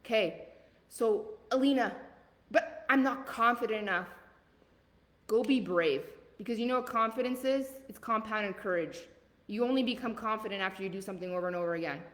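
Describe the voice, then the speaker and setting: Energetic woman coach with a Southern accent. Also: mid-range voice, fairly quick, long reverb tail. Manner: energetic, blunt, motivational, asks questions and answers them. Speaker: leadership coach. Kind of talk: live coaching call.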